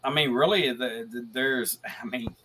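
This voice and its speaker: Guest man, bright tone, loose rambling delivery, faint hiss on the line. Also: medium pitch, measured pace. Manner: rambling, restarts a lot, swears casually. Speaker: guest paranormal investigator. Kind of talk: casual video podcast chat.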